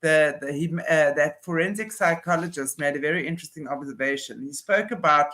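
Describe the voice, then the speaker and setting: A man's voice: on the high side, a little fast, bright, forceful tone. A man co-hosting a casual chat, giving opinionated, explanatory commentary. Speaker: podcast co-host. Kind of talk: casual chat about a news case.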